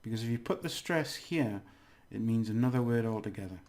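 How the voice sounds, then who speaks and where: A language teacher gives a casual video lesson, chatty and laughing often, slowly repeating words to model them. His voice is medium-pitched and expressive with a darkish tone.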